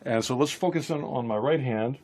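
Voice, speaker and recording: A guitar teacher gives a casual lesson, thinking aloud and often restarting his sentences. His medium-pitched voice is brisk and a little mellow.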